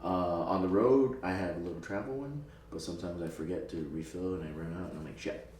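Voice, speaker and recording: A man's voice: sits low, quick pace, darkish tone. A man, a guest in a casual chat, answering in a laid-back, blunt way. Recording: echoey room, distant mic, faint noise.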